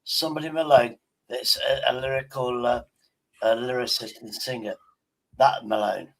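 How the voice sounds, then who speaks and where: A man's voice: mid-range voice, fairly even intonation, moderate pace, gravelly, low-quality recording. A man hosting a live stream and prompting an AI chatbot, talking casually, stumbling and repeating words, with casual swearing. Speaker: livestream host.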